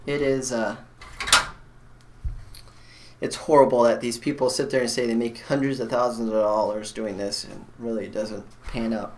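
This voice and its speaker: A man's voice: mid-range voice, little pitch movement, moderate pace, pauses often, a little mellow. A man hosting a live stream, chatting bluntly and rambling with many fillers while he builds a computer.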